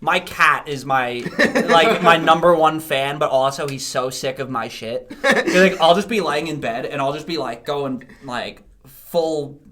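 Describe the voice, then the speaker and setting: A man's voice: on the high side, unhurried, pushed and bright. A man, a band's vocalist, telling stories in casual podcast chat, swearing and laughing often. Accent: New Jersey. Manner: laughing, storytelling, swearing freely. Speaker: band vocalist guest.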